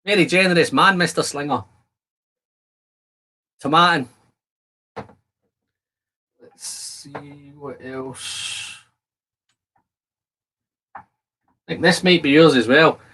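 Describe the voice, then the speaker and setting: A man's voice: fairly high pitch, slow, long pauses, sharp tone. A man hosting a casual whisky-tasting livestream from his shed, bantering with viewers and reading their comments aloud in a jokey, chatty way. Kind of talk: casual live-stream chat while tasting whisky. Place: home shed.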